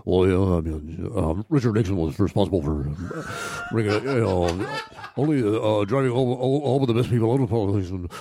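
A man's voice: lowish voice, dark tone, dry recording, pitched below the performer's own voice. A man doing an impression of a rambling sixty-two-year-old man who mumbles and never finishes a sentence. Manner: mumbling, trailing off, halting.

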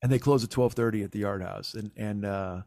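A man's voice: lowish voice, fairly quick, vocal fry, a little mellow, no echo, clean studio sound. A man hosting a podcast, telling a comic story in a profane, exasperated, self-mocking way. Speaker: podcast host.

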